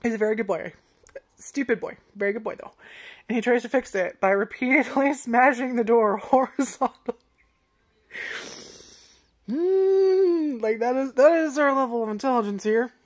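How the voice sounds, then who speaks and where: A woman's voice: a little high, a little fast. A woman casually chatting about an anime's first episode, rambling, swearing often and laughing at her own jokes. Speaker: anime reviewer. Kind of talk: casual chat.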